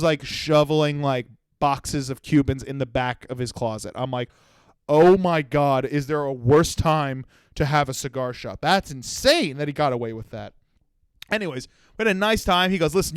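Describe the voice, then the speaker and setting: Young man, comedy podcast host, rambling profane stories, smooth clear voice, dry close sound. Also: fairly high pitch, no room sound. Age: 20s. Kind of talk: solo comedy podcast monologue.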